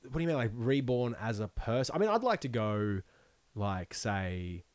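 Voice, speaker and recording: A man's voice: mid-range voice, big pitch swings, moderate pace, no room sound. A young man chatting as a podcast guest, laughing often, rambling and swearing freely. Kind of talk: casual interview chat.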